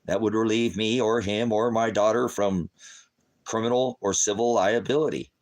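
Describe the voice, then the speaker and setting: Middle-aged man, very low voice, angry profane livestream rant, heated. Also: fairly even intonation, moderate pace. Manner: profane, heated, swings from shouting to quiet. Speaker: livestreaming father.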